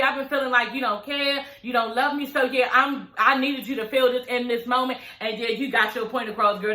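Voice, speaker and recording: Animated, profane woman in an echoey room. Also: on the high side. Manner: animated, profane, addresses viewers as y'all. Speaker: show recap vlogger. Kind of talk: casual reality-show recap.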